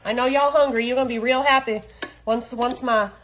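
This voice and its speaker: A woman with a fairly high voice walks viewers through a recipe in her home kitchen. She keeps it chatty and folksy, checking in with her audience as she goes. A faint hiss sits under her voice. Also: steady tone, fairly quick, a bit bright, low-quality recording. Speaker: home cook. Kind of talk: cooking demonstration.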